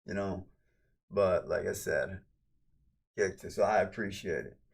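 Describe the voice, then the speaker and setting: A man's voice: low voice, unhurried, creaky, husky. A man chatting casually on a livestream, rambling and ranting, cursing freely and thanking viewers.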